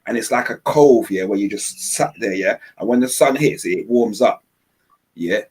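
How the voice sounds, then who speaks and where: A man's voice: fairly low pitch, normal speed, a little mellow, breathy edge. A man, chatting casually on a live panel, laid-back and slangy, often repeating himself. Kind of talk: casual chat.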